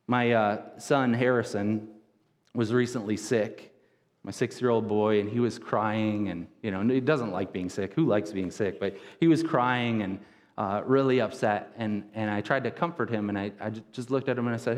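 Man in his thirties, pastor preaching, casual and conversational, mid-pitched voice, long church reverb. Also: moderate pace. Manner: conversational, casual wording, frequent word repeats. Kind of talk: sermon. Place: church sanctuary.

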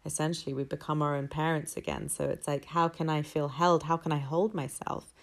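A woman's voice: low-pitched, steady tone, fairly quick. A woman telling a personal story in a candid, rambling, reflective way.

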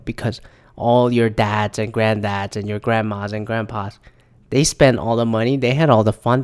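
A man's voice: lowish voice, darkish tone. A young man hosting a podcast, in a rambling, profane, exasperated monologue. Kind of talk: casual ranting monologue.

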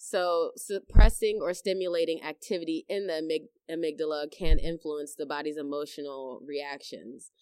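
Woman, young adult, casual chat, animated storytelling, dry sound. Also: deep voice, moderate pace, hardly any pauses, smooth, no echo. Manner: animated storyteller, acts out her own reactions loudly, laughs often. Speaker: podcast co-host.

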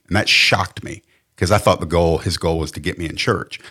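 A man's voice: low-pitched, brisk, pushed and bright, breathy edge. A middle-aged man with a Southern American accent, a pastor telling his personal testimony in an earnest, candid, plainspoken way. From Southern United States. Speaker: pastor and podcast guest.

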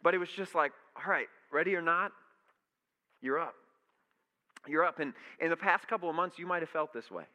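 A man's voice: on the high side, moderate pace, long pauses, sharp tone. A young adult man preaching a conversational sermon to his church, telling stories and acting out what people think and say. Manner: casual storytelling, acts out quoted thoughts. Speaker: pastor. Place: church sanctuary. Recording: echoey hall reverb.

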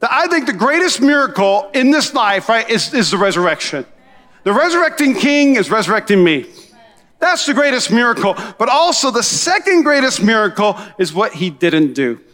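A man preaching a sermon as pastor, energetic and conversational, calling out to his congregation. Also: high voice, normal speed, long reverb tail.

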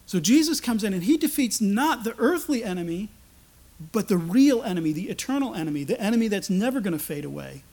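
A man preaching a sermon, animated, acting out the voices of the people he quotes. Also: high-pitched, brisk.

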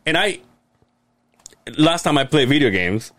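A man's voice: on the high side, big pitch swings, measured pace, fairly bright tone, dry recording. A man telling a long, rambling story in casual podcast chat, swearing and restarting often. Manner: rambling, profane, many restarts. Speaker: podcast co-host.

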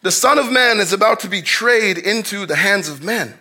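Preacher guy, really high bright voice, gets loud then goes quiet and low. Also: animated, moderate pace. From grew up in a housing complex. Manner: preaching with rising, shouted emphasis and drops to a low voice. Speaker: pastor. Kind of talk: sermon.

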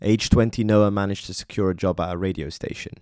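A man with a very deep, dark voice narrates a biography from a script. He is measured and speaks straight to the listener, and the recording is close and dry. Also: fairly even intonation, smooth, dry recording. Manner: measured, addresses listener directly. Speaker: documentary narrator.

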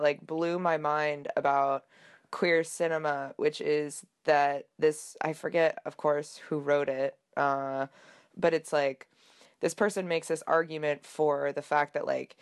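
A woman's voice: low-pitched, smooth. A woman co-hosting a podcast in casual chat, a little under the weather, rambling with lots of fillers. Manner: rambling, filler-heavy, laughs often. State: a little sick. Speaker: podcast co-host.

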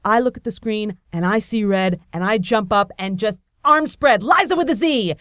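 A woman from Buffalo telling a personal story to an audience, excitable and breathless, acting out the voices of the people in it. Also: mid-range voice, normal speed, smooth, no room sound, studio quality. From Buffalo, New York, USA. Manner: excitable, breathless delivery, acts out quoted voices.

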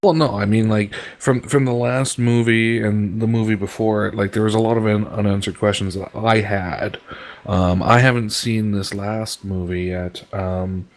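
Low-voiced man, dry and hesitant. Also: fairly even intonation, normal speed. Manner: dry, short replies, hesitant with many ums. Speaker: podcast co-host. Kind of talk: casual chat.

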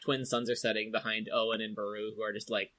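A man's voice: lowish voice, level tone, fast talker, pushed and bright. A man hosting a casual podcast discussion, recapping an episode in a chatty, rambling way full of fillers. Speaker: podcast host.

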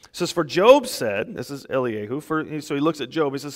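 A man preaching a sermon as pastor, emphatic and animated, with small laughs between points. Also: mid-range voice, a little fast, long reverb tail.

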